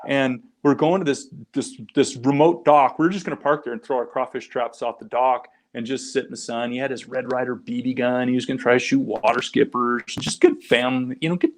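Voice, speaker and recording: A man's voice: mid-range voice, steady tone, a little fast, hardly any pauses. A middle-aged man, a guest on a podcast, telling casual stories with many restarts and little acted quotes. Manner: rambling anecdotal storyteller, frequent restarts and acted quotes. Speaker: guest, founder of a crayfishing group. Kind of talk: casual storytelling interview.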